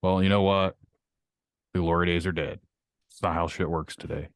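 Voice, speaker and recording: A man's voice: deep voice, steady tone, normal speed, no room sound, clean studio sound. A man hosting a podcast, ranting bluntly with lots of swearing in casual chat. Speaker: podcast host.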